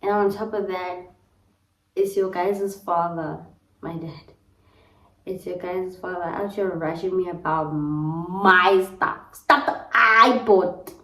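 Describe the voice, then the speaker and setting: A woman's voice: lowish voice, fairly even intonation, takes it slowly, sharp tone. A young South African woman talking casually to her camera, chatty and dramatic, slangy, laughing often. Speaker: vlogger. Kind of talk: casual vlog talk to camera.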